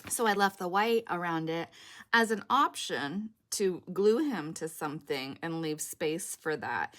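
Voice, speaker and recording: A woman whose throat is sore and whose voice cracks now and then. She talks in a chatty, rambling way, thinking aloud as she works through a crafting tutorial. Her pitch sits in an ordinary middle range. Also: a bit bright. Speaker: junk journal crafter on a design team.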